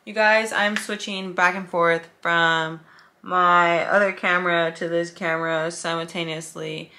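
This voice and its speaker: A woman's voice: on the low side, steady tone, unhurried, sharp tone. A woman vlogging in a casual, chatty and emotional way, tired and sometimes swearing. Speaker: fitness vlogger. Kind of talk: casual vlog chat. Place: hotel room.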